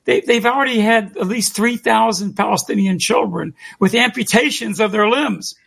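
A man holding forth as co-host of a call-in talk show, pressing his points emphatically and repeating them for effect. His voice sits a little high for a man, with a rough, husky edge and a lot of gravelly fry. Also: a bit bright. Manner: emphatic, deliberate, repeats key phrases.

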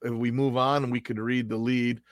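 A man's voice: medium pitch, little pitch movement, normal speed, no room sound. A man hosting a podcast over an online call, bluntly reading headlines and quotes aloud. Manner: blunt, crude, reads out quotes. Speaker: podcast host.

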